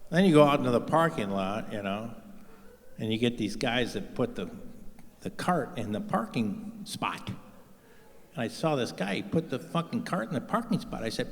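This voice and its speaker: A man doing a profane stand-up routine on stage, telling deadpan stories and acting out the other people in them. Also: medium pitch, normal speed. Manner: profane, deadpan storytelling with acted-out voices. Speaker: stand-up comedian. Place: theater stage with live audience. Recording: live hall reverb.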